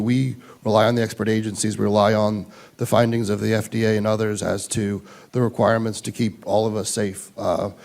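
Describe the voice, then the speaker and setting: A man's voice: on the low side, vocal fry, a little mellow. A man testifying as an industry witness at a hearing, polite and deferential, hedging his answers. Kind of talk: formal testimony. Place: hearing room.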